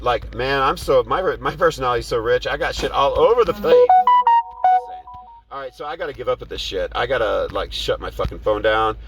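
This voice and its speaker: Swearing, animated male rideshare driver ranting. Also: medium pitch, a little hiss or hum, rough recording. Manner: animated, swearing, acts out heated quotes in a raised voice. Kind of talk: profane storytime rant.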